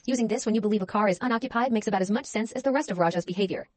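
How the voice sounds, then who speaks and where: A woman's voice: medium pitch, very fast, a little mellow, dry recording. A woman giving scripted true-crime narration in a pointed, sardonic tone.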